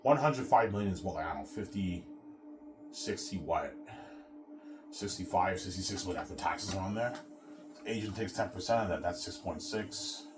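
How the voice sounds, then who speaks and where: A man's voice: low-pitched, normal speed, over music. A man talking casually in a rambling solo vlog monologue, swearing and repeating himself. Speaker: vlogger.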